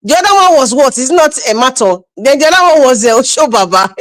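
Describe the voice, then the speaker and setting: A woman's voice: high-pitched, big pitch swings, quick pace, dry recording. A woman with a Nigerian accent giving scolding, mocking political commentary on a livestream, laughing often.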